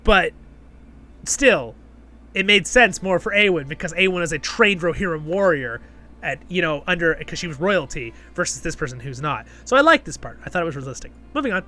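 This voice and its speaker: A man's voice: fairly high pitch, expressive, a little fast, pushed and bright. A man hosting a casual spoken review, chatty and rambling, full of fillers and frequent "right?" checks. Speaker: host and show reviewer.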